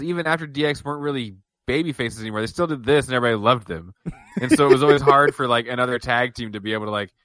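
A man co-hosts a podcast in relaxed, rambling casual chat. His voice is bright and forward, and the sound is dry and close. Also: on the high side, no room sound. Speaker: podcast co-host.

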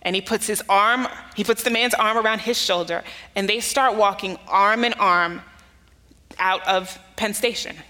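Unhurried and sharp in tone, this medium-pitched woman preaches as a pastor from the United States. She earnestly recounts a personal story, raising her emphasis on key phrases, recorded with long hall reverb.

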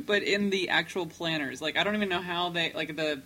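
A woman's voice: on the low side, moderate pace, pushed and bright. A woman in a casual group chat, speaking with enthusiasm and describing things in detail. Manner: enthusiastic, descriptive, laughs easily.

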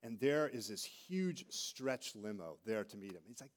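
A middle-aged man preaching a sermon as a pastor, telling stories with animated delivery and acting out quoted voices. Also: lowish voice, a little slow.

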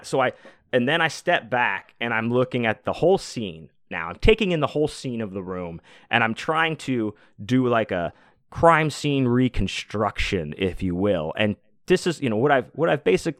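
A man's voice: medium pitch, a bit bright, dry recording, clean studio sound. A man hosting a podcast, telling a story in a casual, profane, laid-back way and laughing often. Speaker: podcast host.

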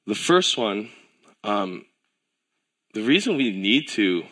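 A man giving a casual, conversational sermon. He tells stories in a relaxed way, uses filler words, and acts out the voices he quotes. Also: lowish voice, slow. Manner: relaxed storytelling with filler words and self-corrections. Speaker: pastor.

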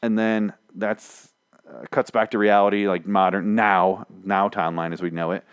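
A man's voice: deep voice, fairly even intonation, normal speed, clear, resonant tone, no room sound. A young man giving a casual spoken show recap, rambling and profane, full of restarts.

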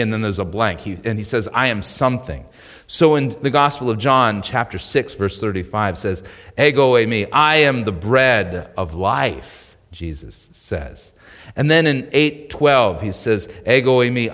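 A man's voice: fairly low pitch, fairly bright tone. A man preaching a midweek sermon as pastor, teaching in a conversational way and often checking in with "right?". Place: church sanctuary. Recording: long reverb of a church hall.

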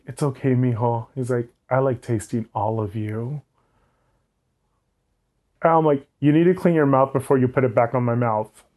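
A man's voice: fairly high pitch, warm tone. A young man telling a candid personal story, frank and often laughing, with many "like"s. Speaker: guest.

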